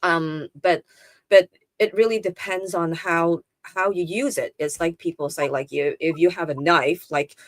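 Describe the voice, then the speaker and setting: Slow, low-voiced woman, dry sound. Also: dry recording. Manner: thoughtful and measured with frequent fillers. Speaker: guest. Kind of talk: casual conversational interview.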